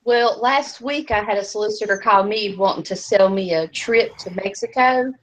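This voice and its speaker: A woman's voice: medium pitch, normal speed, rough recording. A woman in a casual group chat, telling a funny anecdote. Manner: lively anecdote teller.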